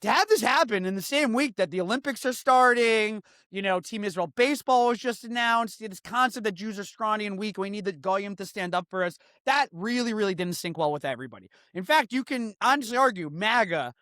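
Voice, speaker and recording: A man hosting a comedic news podcast, sarcastic and animated, switching between loud outbursts and quick offhand asides. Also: high-pitched, no echo, clean studio sound. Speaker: podcast host.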